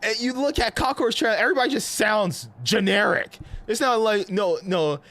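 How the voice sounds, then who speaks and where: Male streamer, New York accent; animated, slangy, slightly high. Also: fairly quick. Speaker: gaming streamer. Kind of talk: casual live-stream commentary.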